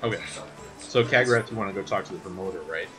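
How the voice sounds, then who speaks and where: A man with a fairly low voice narrating a tabletop game as game master. He talks casually, padding with fillers, and clear music plays under his voice. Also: fast, a bit bright. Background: background music.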